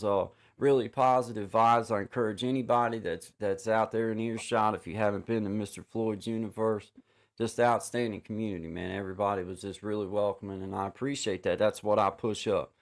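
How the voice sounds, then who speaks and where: A man hosting a casual livestream chat over a video call, rambling with many restarts and fillers and giving warm shout-outs to viewers. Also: on the low side. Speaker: livestream host.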